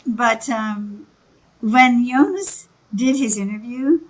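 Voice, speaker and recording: A woman with a somewhat high, husky voice, speaking as a film producer. She tells her behind-the-scenes anecdotes in an animated, chatty way during a livestream interview. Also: slow, low-quality recording.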